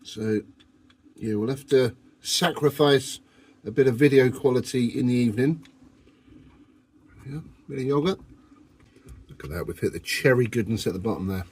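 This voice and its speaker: A man's voice: mid-range voice, moderate pace, long pauses, a little mellow, husky. A man, filming a casual camping vlog on his phone from inside a van. He talks to the camera in a cheeky, jokey way. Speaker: vlogger.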